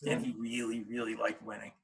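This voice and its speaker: A man's voice: on the low side, monotone, a little fast, creaky, husky, low-quality recording. A middle-aged man, a wrestler's father, telling stories in a casual interview, with many fillers and restarts.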